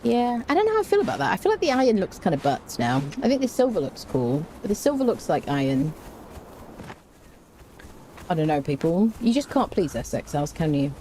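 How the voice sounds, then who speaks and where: Playful, lively woman game streamer. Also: on the low side, fairly quick, a little hiss or hum. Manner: chatty, playful, hums and scats while playing; talks to chat, greets viewers. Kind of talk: casual gameplay commentary.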